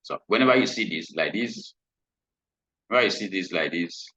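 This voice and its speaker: A low-voiced man talks through a trading lesson, repeating phrases and checking in with a questioning "hmm?". His tone is bright and slightly husky. The recording is dry and a bit dull. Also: lively intonation, normal speed, dry recording. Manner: repetitive, checks in with frequent "hmm?". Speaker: trading instructor. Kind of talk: screen-share trading lesson.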